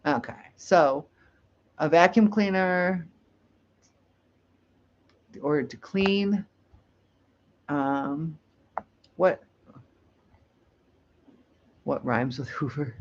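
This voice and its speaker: Speaking extremely slowly with long pauses, a deep-voiced woman from the United States hosts a relaxed live chat, rambling and laughing readily while going through viewer comments. The lo-fi stream sounds dull and carries a slight hiss or hum.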